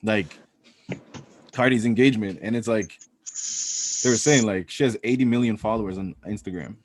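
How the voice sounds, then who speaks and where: A man co-hosting a casual podcast, retelling events and acting out quotes in a loose, animated way. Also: fairly low pitch, normal speed, no echo. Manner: animated storytelling, acts out quotes. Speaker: podcast co-host. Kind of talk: casual chat.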